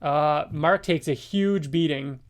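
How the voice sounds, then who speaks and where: A man hosting a podcast, casually recapping a comic book story with lots of fillers. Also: on the high side. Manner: rambling recaps with fillers and quick laughs. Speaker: podcast host.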